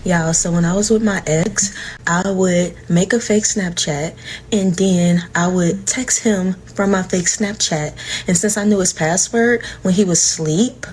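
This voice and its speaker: A woman's voice: lowish voice, unhurried, a little mellow. A woman casually telling a playful confessional story to the camera.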